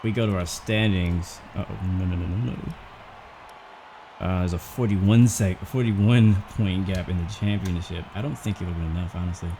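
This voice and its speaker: Deep-voiced man chatting over a racing game. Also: moderate pace, a little hiss or hum. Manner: chatty, thinking out loud, rambling. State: out of breath. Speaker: gaming channel host. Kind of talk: casual gameplay commentary.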